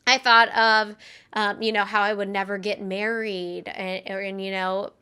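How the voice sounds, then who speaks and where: A woman's voice: medium pitch, level tone, unhurried, bright, forceful tone, smooth. A young woman co-hosting a podcast, telling a personal story in an earnest, conversational way with frequent fillers. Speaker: podcast co-host.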